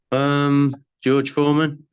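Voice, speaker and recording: A man, a podcast guest in casual chat who talks haltingly with many fillers. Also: fairly high pitch, clean tone, lo-fi sound.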